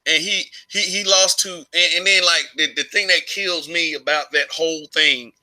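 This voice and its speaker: A man's voice: on the high side, normal speed, pushed and bright, low-quality recording. A man giving a rambling, casual opinion monologue for his online channel, full of restarts and chuckles. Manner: rambling, frequent restarts and laughs. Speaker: YouTube commentator.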